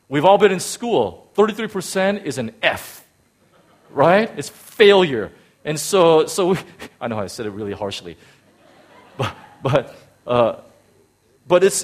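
Male pastor, sermon delivery, slightly higher voice, emphatic, repeats words, dynamic swings in volume. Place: church in Hong Kong.

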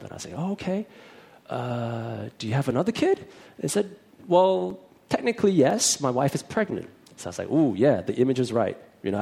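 Guy preaching, telling his story, voice jumps all over the place, kinda raspy. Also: medium pitch, darkish tone. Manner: chatty storytelling, acting out both sides of the dialogue. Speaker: minister. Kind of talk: personal testimony in a sermon.

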